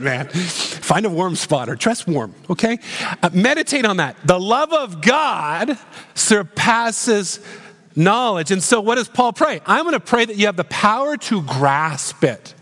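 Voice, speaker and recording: A man preaches in a high-pitched voice, earnest and questioning. He slows right down to stress key phrases. His voice rings with the long reverb of a church hall. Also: very animated, a bit bright. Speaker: pastor. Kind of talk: sermon.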